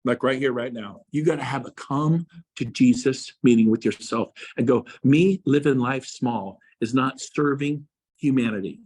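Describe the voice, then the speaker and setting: A man's voice: mid-range voice, moderate pace, darkish tone, slightly rough. A man, a real estate coach, giving an emphatic motivational speech to agents and firing rhetorical questions at them. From Texas.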